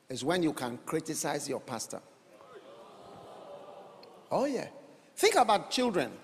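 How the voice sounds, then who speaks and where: A man preaching a sermon to a congregation, animated and rhetorical, teasing his listeners with questions. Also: on the high side. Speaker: pastor. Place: church hall. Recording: long church-hall reverb.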